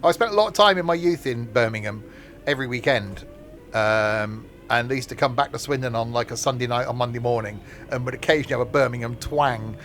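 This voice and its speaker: Live-streaming a train simulator, a man chats with viewers at a brisk pace in a medium-pitched voice. He jokes, answers chat and laughs frequently, over a constant background noise.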